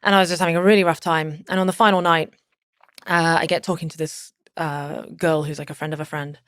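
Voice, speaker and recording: A woman's voice: deep voice, steady tone, fairly quick, fairly bright tone, no room sound, clean studio sound. A woman talking as a podcast guest, telling a personal story casually and rambling with lots of "like" fillers and restarts.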